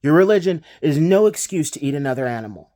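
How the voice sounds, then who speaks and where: A man's voice: a little high, lively intonation, fast, warm tone. A man hosting a reaction commentary, ranting scornfully at a clip. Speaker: commentary host.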